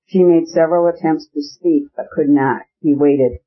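A man's voice: a little high, steady tone, moderate pace. Man narrating a classic novel. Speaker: audiobook narrator. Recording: muffled lo-fi audio.

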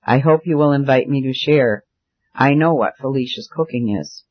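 A man's voice: medium pitch, normal speed, no echo, lo-fi sound, lightly acted. A man reading as a kindly old bishop. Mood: gentle. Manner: gentle, mock-stern. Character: older male bishop, kindly and gentle. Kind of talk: reading dialogue in a novel.

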